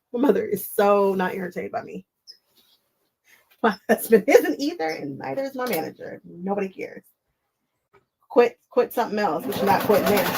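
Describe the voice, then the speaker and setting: A woman's voice: mid-range voice, darkish tone, a little hiss or hum, low-quality recording. A woman, hosting a casual crafting livestream, chatting to viewers while she sews and laughing often.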